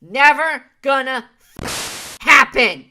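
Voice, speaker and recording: A woman's voice: sits high, takes it slowly, bright, forceful tone, a little hiss or hum. A woman commentator cutting in over a clip with sarcastic, scornful retorts. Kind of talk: mocking commentary.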